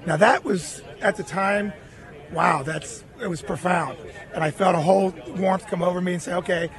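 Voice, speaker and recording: A man's voice: sits high, fairly even intonation, normal speed, fairly bright tone, a faint crowd. A middle-aged man, a guest on a radio interview, earnestly telling a personal story and quoting other people in his own voice. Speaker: guest, former baseball catcher.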